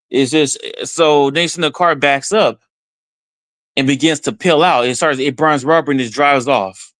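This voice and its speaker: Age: adult. Sex: man. Style: excited first-person storytelling as a podcast guest. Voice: fairly high, dry. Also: normal speed, no room sound. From Texas. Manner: excited, retells events with quoted self-talk.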